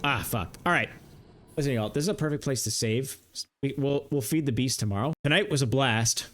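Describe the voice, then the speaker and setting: A man's voice: medium pitch, fairly quick, fairly bright tone. A young man streaming a game, riffing jokes to his chat and laughing often. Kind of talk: casual livestream banter while gaming.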